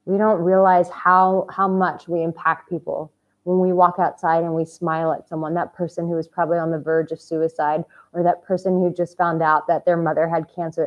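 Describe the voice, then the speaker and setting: A woman dating coach giving a heartfelt motivational vlog talk, swinging from hushed tenderness to loud, exuberant outbursts and swearing casually. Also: fairly low pitch, dull audio.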